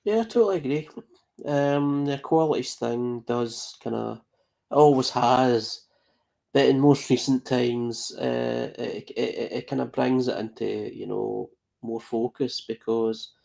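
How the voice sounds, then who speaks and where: A man's voice: medium pitch, a little slow, vocal fry, darkish tone. A man on a live podcast panel, talking casually and rambling with many fillers and restarts.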